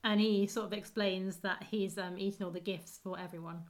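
A woman's voice: medium pitch, fairly even intonation, normal speed. A woman chatting casually as a podcast co-host, laughing often and acting out lines from a sitcom. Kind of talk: casual chat recapping a sitcom episode.

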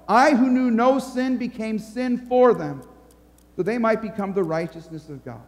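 A preacher speaking as a calm, loving savior. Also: male voice, high-pitched, normal speed, long reverb tail, voice pushed up. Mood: assuring. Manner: gentle, assured.

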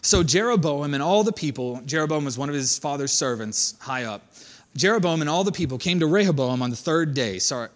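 Man preaching casually, slightly high pitch, chatty paraphrasing style. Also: expressive, brisk. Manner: conversational, paraphrases scripture loosely with fillers. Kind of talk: sermon, casual Bible teaching.

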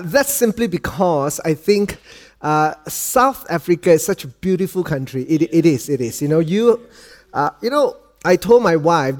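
A man's voice: a little high, a little mellow. A man with a Malaysian accent, a guest pastor opening his sermon in a chatty, joking way, often adding "okay?". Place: church auditorium. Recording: long hall reverb.

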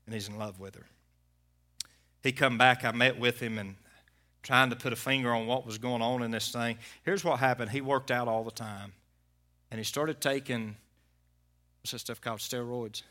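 A man, a pastor preaching a sermon and telling a story in a folksy way, swinging from loud preaching to hushed talk. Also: medium pitch, steady tone, moderate pace, pauses often.

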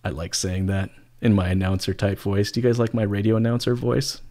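A man's voice: fairly low pitch, fairly even intonation, a little fast, mellow. A man hosting a podcast in casual chat, upbeat and joking, with many fillers. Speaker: podcast host.

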